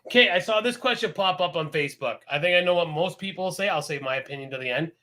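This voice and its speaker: A Canadian man co-hosting a podcast in casual chat, rambling and animated, laughing often. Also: sits high, fast talker. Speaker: podcast co-host.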